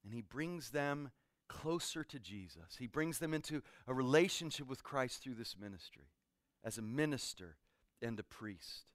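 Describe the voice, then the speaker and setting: A man's voice: medium pitch, moderate pace, no room sound, clean studio sound. A man preaching and teaching a group, asking questions and telling stories from his own life. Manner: animated, asks the audience questions, tells stories. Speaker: pastor. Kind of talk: interactive sermon teaching.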